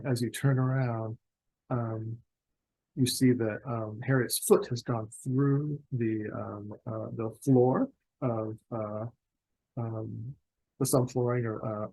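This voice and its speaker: Slow, hesitant male game master. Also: mid-range voice, mellow, husky, poor audio. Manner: slow, hesitant, many ums. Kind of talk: narrating a tabletop game.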